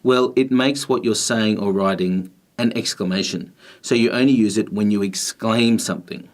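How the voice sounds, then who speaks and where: A man with a somewhat low voice teaches a grammar video lesson. He explains patiently and deliberately, pausing between phrases as he goes. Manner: patient, measured explaining with pauses.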